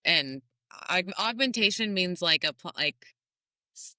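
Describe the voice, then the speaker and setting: A woman's voice: on the low side, animated, measured pace, pushed and bright, dry recording, clean studio sound. A woman hosting a podcast, chatting casually, reacting and asking plain questions. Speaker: podcast host.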